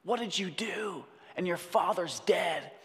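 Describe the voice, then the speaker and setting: A man's voice: sits high, unhurried, vocal fry, fairly bright tone, voice pushed up, full character voice. A man voicing a scheming male lion villain, a cruel uncle who hurls accusations, heard with a long hall reverb. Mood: accusing. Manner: accusing, urgent, raised and drawn out.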